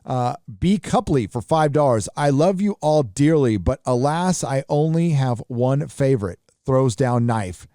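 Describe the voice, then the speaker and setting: A male livestream host reading out viewer donations and messages, adding quick casual asides. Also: medium pitch, expressive, mellow, dry recording, clean studio sound. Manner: reads donor messages aloud with quick asides.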